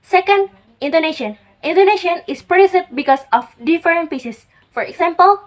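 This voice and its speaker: High-voiced young woman presenting a class topic. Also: expressive, low-quality recording. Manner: careful, halting, with fillers. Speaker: student presenter.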